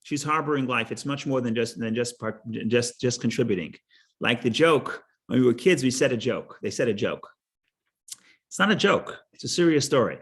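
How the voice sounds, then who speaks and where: A man teaching a Torah class, halting, repeating words and restarting, and explaining with stories and jokes. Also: mid-range voice, expressive.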